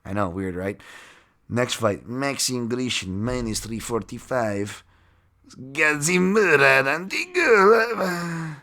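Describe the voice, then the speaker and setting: A man's voice: on the low side, a little slow. A man hosting a podcast, breaking down fight bets in a rambling, self-mocking way and chuckling often. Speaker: podcast host. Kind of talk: casual sports-betting breakdown.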